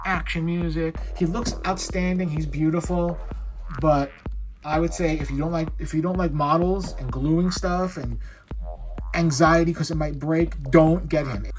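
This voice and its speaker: A man's voice: fairly high pitch, steady tone, unhurried, soft background music. A man reviewing an action figure in a casual, blunt and frustrated way, rambling as he fiddles with it at home. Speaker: toy reviewer. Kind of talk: casual chat.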